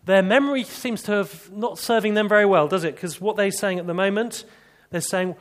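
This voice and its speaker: A man's voice: high-pitched, fairly quick, few pauses. A man preaching an expository sermon, chatty, with rhetorical questions and dry humor.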